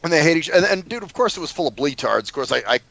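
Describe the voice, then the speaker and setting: A man's voice: fairly high pitch, expressive, very fast, gravelly, bright, forceful tone. A man co-hosting a casual podcast chat, telling stories bluntly and crudely. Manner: crude, blunt storytelling, swears. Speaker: podcast co-host.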